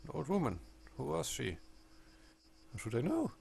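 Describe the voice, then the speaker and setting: A man voicing a composed Victorian woman who survived an ordeal and calmly recounts it in a game read aloud. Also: medium pitch, gravelly, a little hiss or hum, exaggerated voice. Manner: proud, measured storytelling.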